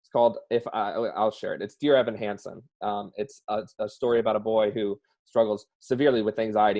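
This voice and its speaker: A man's voice: on the low side, steady tone, fast talker, few pauses, darkish tone. A man with a Southern US accent, a guest speaking earnestly and expressively about personal experience, heard over a video call. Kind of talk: emotional personal interview.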